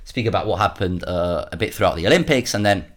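A man's voice: low voice, lively intonation, fast talker. A man hosting a solo commentary podcast, worked up and sarcastic, often repeating words as he rants. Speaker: podcast host.

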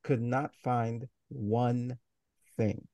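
A man's voice: mid-range voice, little pitch movement, very slow, mellow, no echo. A man hosting a casual podcast, upbeat and laughing easily as he welcomes his co-hosts. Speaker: podcast host.

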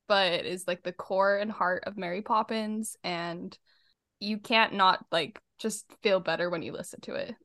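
A woman's voice: mid-range voice, a bit bright, no echo, studio quality. Chatty young woman, laughs often. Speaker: podcast co-host. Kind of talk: casual chat.

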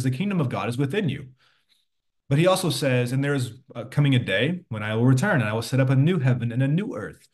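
Guy giving a chill sermon, talks to listeners like a friend, lots of "right?". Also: medium pitch. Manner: conversational preaching, quotes scripture, frequent "right?". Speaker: pastor. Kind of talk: sermon to an online audience.

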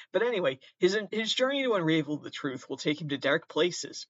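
A man's voice: on the high side, expressive, brisk, hardly any pauses, fairly bright tone, no room sound, highs cut off. A man with a Midwestern accent hosting his own podcast, reading aloud in a casual comedic way and often breaking into giggles and apologies. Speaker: podcast host.

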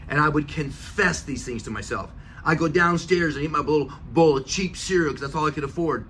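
A man's voice: a little high, a little fast, a bit bright, a little hiss or hum. A middle-aged man hosting a motivational podcast, earnest and emphatic, repeating key phrases for effect. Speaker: podcast host. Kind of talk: motivational talk.

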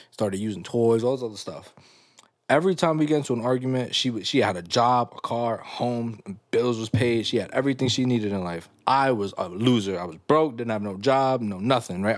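A man's voice: mid-range voice, no echo. Young guy podcast host, cracks up a lot, dry close sound. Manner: loud bursts of laughter, animated reactions. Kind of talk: casual chat, reading listener stories.

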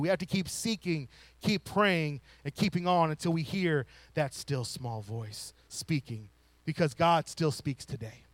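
A man preaching a sermon, rising to loud emphatic lines and falling to soft hushed ones. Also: on the high side, measured pace, no room sound. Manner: drops to a whisper to show a still small voice.

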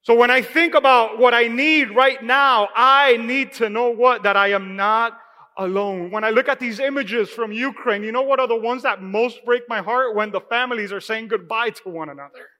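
At a moderate pace, a pastor preaches in the church sanctuary, his high, bright voice ringing out and fading into a long hall echo. He relates a personal story to the congregation in loose, conversational terms, repeating "you know."

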